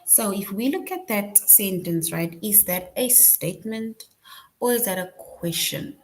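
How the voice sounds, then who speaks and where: A woman teacher, giving a slow, patient grade-school lesson and often checking in with her class. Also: mid-range voice, slight background noise.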